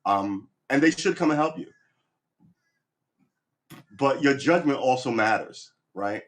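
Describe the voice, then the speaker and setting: A man's voice: mid-range voice, expressive, a little slow. A man hosting a livestream, talking through his opinions in a rambling, blunt way with frequent restarts and swearing. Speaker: livestream host. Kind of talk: casual opinion monologue.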